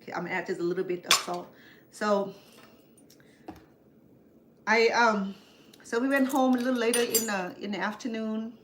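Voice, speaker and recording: A woman's voice: on the high side, moderate pace, pauses often, background noise. An older woman, chatting and rambling through family stories as she cooks for her show. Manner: chatty, rambling, acts out family members' voices. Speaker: cooking show host. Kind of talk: storytelling while cooking.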